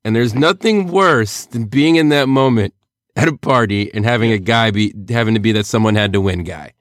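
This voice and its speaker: A man co-hosting a casual sports podcast, relaxed and agreeable with dry remarks. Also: mid-range voice, normal speed, no room sound.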